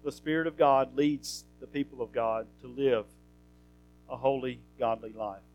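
A man's voice: medium pitch, a little slow, a little mellow, lo-fi sound, soft background music. A man preaching an earnest, conversational sermon, teaching from the Bible and building to emphatic questions.

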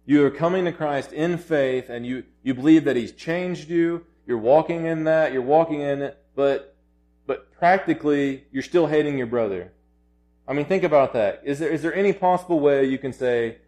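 A man's voice: on the high side, normal speed, a little mellow. A man preaching a sermon in an earnest, urgent way, often restarting his phrases and rising to emphatic peaks.

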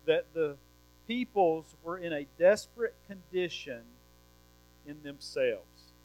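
A man's voice: on the high side, lo-fi sound. A man preaching a sermon, explaining verses one by one and asking the congregation questions. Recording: mains hum.

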